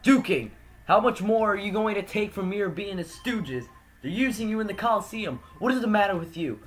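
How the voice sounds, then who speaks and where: Angry, loud game man scolding a friend, voice pushed high and hard, as a man puts him on. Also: lively intonation, normal speed, a little hiss or hum. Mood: furious. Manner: loud, indignant.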